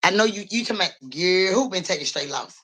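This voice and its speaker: Telling a story on a live stream, a young woman who does psychic readings talks straight to viewers in a lively, crude, casual way. Her voice leans low with a breathy edge, and she speaks fast.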